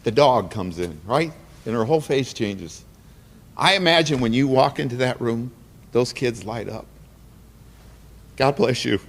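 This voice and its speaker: Male guest speaker, mid pitch, heartfelt preacher-like cadence, hall echo. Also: lively intonation, measured pace, long pauses. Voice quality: earnest, preacher-like cadence with repetitions. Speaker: guest speaker at awards dinner. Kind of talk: emotional motivational speech. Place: banquet hall. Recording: long hall reverb.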